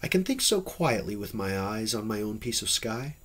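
A man voicing an exuberant, lanky young male dreamer in an audiobook, talking eagerly and sometimes dropping to a hush. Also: fairly low pitch, big pitch swings, moderate pace.

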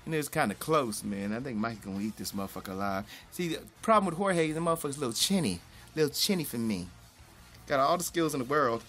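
A young man giving casual, profane commentary as a boxing YouTuber, rambling in slang with sudden high-pitched outbursts. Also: fairly bright tone.

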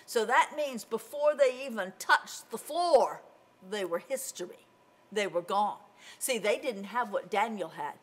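A woman teaching a Bible lesson to children, telling the story in an animated way and acting out the voices. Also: mid-range voice, unhurried.

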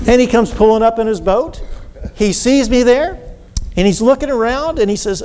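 A man preaching a sermon, telling a story with animated delivery and acting out cries for help. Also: extremely high pitch, brisk, slight background noise. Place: church. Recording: reverberant church hall with faint ambience.

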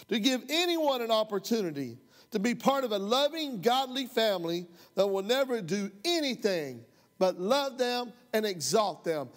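A man preaching a sermon as pastor, folksy and impassioned, rising to heated outbursts. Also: high voice. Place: church sanctuary. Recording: long hall reverb.

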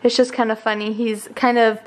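A woman's voice: on the high side, flat delivery, fairly quick. A young woman hosting a family vlog at home, chatting casually and talking baby talk to her toddler. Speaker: vlog host and mother. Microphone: handheld camera.

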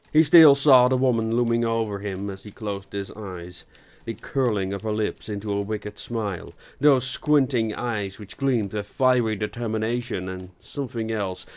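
A man narrating an audiobook in a measured storytelling delivery. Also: lowish voice, clean tone. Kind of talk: scripted narration.

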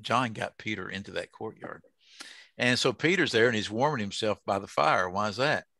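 A folksy older man with a drawl leads a Bible study, tossing questions to his group. His voice sits low and comes across bright and forceful, close and dry with no room echo. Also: expressive, normal speed, creaky. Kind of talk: casual Bible study teaching.

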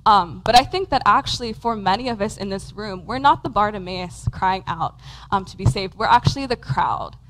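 A woman's voice: medium pitch, lively intonation, normal speed, a bit bright, slight background noise, low-quality recording. A woman preaching a conversational sermon in a church, talking casually with lots of "um" and "like". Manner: casual, many fillers like "um" and "like". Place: church hall with a congregation.

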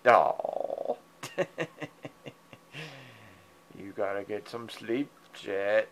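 A man at home chatting fondly to his cats while filming them, meowing at them and chuckling softly, recorded on a handheld camera. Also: medium pitch, drawn-out words, long pauses, a little hiss or hum. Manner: fond, coaxing pet talk, meows at the cats, soft chuckles. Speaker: cat owner filming his pets. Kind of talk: casual talk to his cats. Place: at home indoors. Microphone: handheld digital camera mic.

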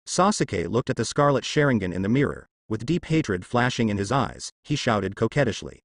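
A man narrating a story in an even reading with stilted phrasing. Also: mid-range voice, moderate pace, gravelly, few pauses, no room sound, studio quality.

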